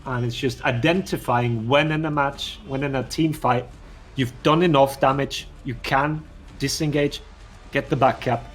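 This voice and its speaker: A man explaining game clips as a guest analyst in a casual, relaxed way. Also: medium pitch, a little slow, faint music behind.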